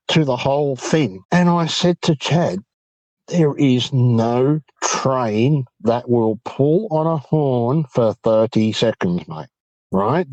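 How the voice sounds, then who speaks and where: A man's voice: medium pitch, no room sound, rough recording. A man with an Australian accent, a guest on an interview show, animatedly recounting a night-time encounter and quoting what he and his friend said. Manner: animated storyteller, quoting himself and others. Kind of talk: telling an encounter story.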